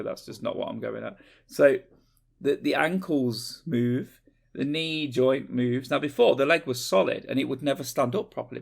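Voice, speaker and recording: A man chats away on a podcast, quick to get excited and throw in jokey asides. His voice has a gravelly rasp to it, sitting at an ordinary middle pitch. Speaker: podcast co-host. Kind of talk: casual chat.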